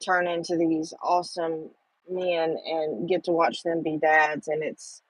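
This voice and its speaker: A woman's voice: deep voice, flat delivery, measured pace, breathy edge, dry recording, low-quality recording. A middle-aged woman, chatting with viewers on a casual livestream and rambling with lots of fillers. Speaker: livestream host.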